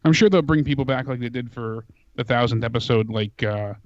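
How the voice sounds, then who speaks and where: A man co-hosting a call-in show, chatting in an easygoing, halting way. His audio is slightly dull and dry. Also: medium pitch, dry recording. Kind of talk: casual call-in chat.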